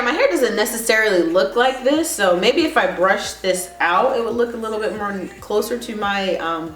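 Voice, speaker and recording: A woman vlogger telling a story in a casual, animated way, laughing often. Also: on the high side. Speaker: beauty vlogger. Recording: roomy echo, faint music.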